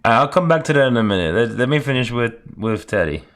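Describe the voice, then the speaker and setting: A man hosting a casual panel chat, asking halting, rambling questions. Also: mid-range voice, animated, a bit bright. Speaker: host.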